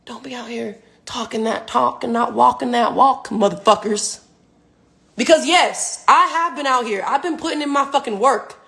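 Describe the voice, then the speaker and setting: A woman's voice: fairly high pitch, moderate pace, vocal fry, a bit bright. A woman in her twenties, a professional athlete, ranting emphatically and profanely on a phone livestream. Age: 20s. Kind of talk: livestream rant.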